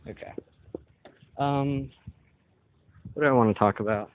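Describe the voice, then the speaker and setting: A young man vlogs on his phone while strolling down a street outdoors, his mid-range voice unhurried as he thinks aloud with plenty of fillers. There's no echo, but the audio is tinny and phone-like with background noise.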